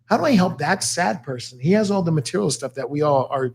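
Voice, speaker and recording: A man who talks fast and with constant energy, slightly high in pitch. He tells stories as a motivational guest on a studio talk show, in a loose, conversational way. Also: expressive, creaky.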